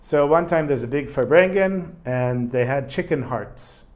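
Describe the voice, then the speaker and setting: A man's voice: mid-range voice, measured pace, darkish tone. A man teaching a religious lesson in a casual storytelling manner, with asides. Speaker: Torah teacher.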